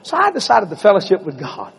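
Male preacher, folksy storyteller, raspy voice in a reverberant hall. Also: sits high, quick pace. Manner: folksy, animated, acts out dialogue. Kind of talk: storytelling sermon.

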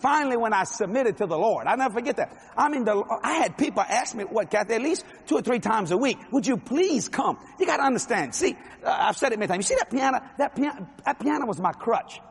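A man's voice: very high-pitched, lively intonation, quick pace, gravelly, few pauses, husky. A man with a Cajun accent preaching a folksy, joking sermon in a large hall. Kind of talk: sermon with humor and jokes.

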